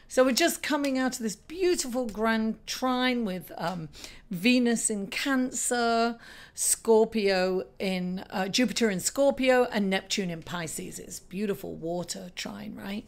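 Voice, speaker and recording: Woman doing an astrology vlog, kinda hoarse and raspy, rambles, lots of ums. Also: a little high, unhurried. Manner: chatty, rambling, with many ums and asides. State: slightly raspy, hoarse from shouting. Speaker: astrology channel host. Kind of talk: casual astrology vlog talk.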